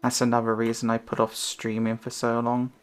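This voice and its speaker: A woman's voice: rumbling low, monotone, brisk. A woman streamer chatting casually in a rambling, self-conscious way, her intonation rising and falling.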